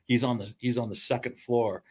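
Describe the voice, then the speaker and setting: A man as a podcast guest, chatting casually and telling animated stories. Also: mid-range voice, fairly quick, slightly rough. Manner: animated, chatty storyteller with restarts. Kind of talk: casual chat, storytelling.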